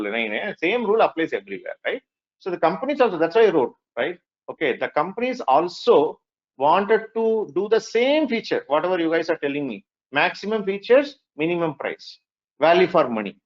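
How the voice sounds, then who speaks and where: A man with an Indian English accent giving a lively classroom lecture, often asking the students "right?" and whether they agree. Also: fairly high pitch, dull audio. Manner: lively, mixes in Hindi phrases. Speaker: workshop instructor.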